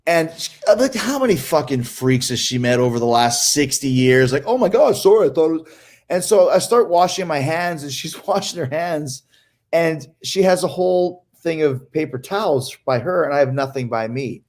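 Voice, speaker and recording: A Canadian man tells a story among friends on a podcast, animated and profane, laughing often and imitating the people in it. His pitch is fairly high and his pace moderate.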